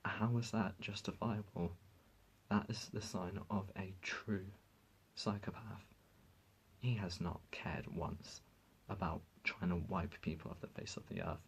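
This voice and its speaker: A man's voice: low-pitched, fairly even intonation, measured pace, creaky, slightly rough, poor audio. A man vlogging to his viewers, speaking in an impassioned, indignant rant that halts and restarts as he gets emotional. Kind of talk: emotional talk to camera.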